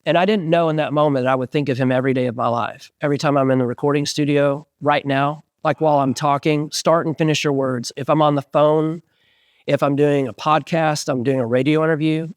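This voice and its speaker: Animated storytelling singer, dry close mic. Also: male voice, on the high side, fairly quick, no room sound. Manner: animated storyteller, acts out quoted voices. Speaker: band singer, interview guest. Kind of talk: casual storytelling interview.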